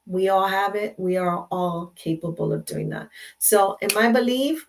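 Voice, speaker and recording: A woman's voice: mid-range voice, fairly even intonation, a little slow. An older woman hosting a casual live stream from her computer, talking in an affirming way and often repeating her words. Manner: warm, affirming, repeats phrases. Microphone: computer mic.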